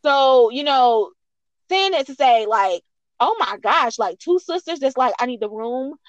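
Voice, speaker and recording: A fairly high-voiced woman chatting about gossip in an animated, sassy way, throwing in little acted-out quotes. The sound is dry and somewhat dull. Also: a little slow, no echo. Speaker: co-host. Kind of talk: casual gossip chat.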